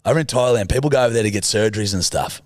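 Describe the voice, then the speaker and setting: A young Australian man with a low, fairly deep voice tells a rambling, swear-filled story to his co-host. His voice sounds close and dry, with no room around it. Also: very fast, no echo. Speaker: podcast co-host. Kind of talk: casual storytelling chat.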